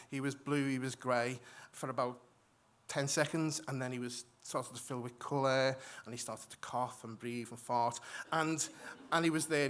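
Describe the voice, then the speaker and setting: A man telling a story on stage to a live audience, animated, acting out voices and often restarting his sentences. He has moved to Australia from elsewhere. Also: medium pitch. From migrated to Australia. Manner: animated, acts out quoted voices, frequent restarts. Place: stage in a hall before an audience.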